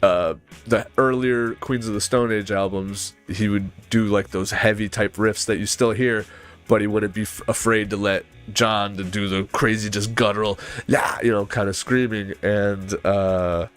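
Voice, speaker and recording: A man's voice: fairly low pitch, steady tone, moderate pace, clear, resonant tone. A man in a casual chat about music, rambling with lots of fillers and humming riffs aloud. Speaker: podcast panelist.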